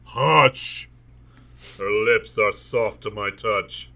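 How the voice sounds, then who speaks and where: A man's voice: mid-range voice, lively intonation, unhurried, noisy background. A man hosting a comedic reading of a novel, reading passages aloud in a mock-dramatic way and breaking off for jokey asides. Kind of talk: comedic book reading with commentary.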